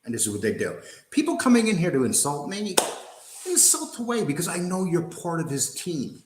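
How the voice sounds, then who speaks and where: A man's voice: a little high, big pitch swings, brisk, noisy background. An older man hosting a livestream, ranting angrily in a profane, combative, mocking way. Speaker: host. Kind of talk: angry livestream rant. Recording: roomy echo.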